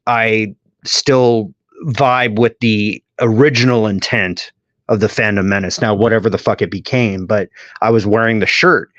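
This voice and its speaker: A man's voice: fairly low pitch, steady tone, a little slow, a bit bright, dry recording. A man on a casual podcast, telling long profane stories in a rambling way. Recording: dull lo-fi audio.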